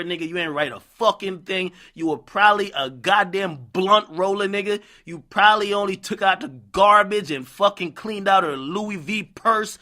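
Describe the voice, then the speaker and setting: A man giving casual, profane commentary on posts he reads out, talking bluntly and excitably. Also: high-pitched. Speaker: gossip commentator.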